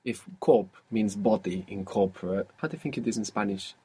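A man with a husky, slightly rough voice leads an audio language lesson. He explains patiently, one step at a time, and stops often to ask his student questions. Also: fairly low pitch, fairly quick, dark tone. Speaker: language teacher.

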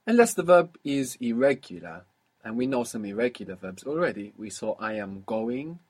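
A man's voice: mid-range voice, sing-song, normal speed, darkish tone, slightly rough. A man teaching a language lesson, patiently asking questions and repeating the answers. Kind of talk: guided audio language lesson.

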